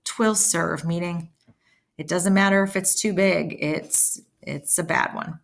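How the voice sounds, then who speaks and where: A woman's voice: lowish voice, a little slow, creaky. A woman teaching a play, reading its lines aloud and explaining them in plain terms. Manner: switches between plain explaining and lively line reading.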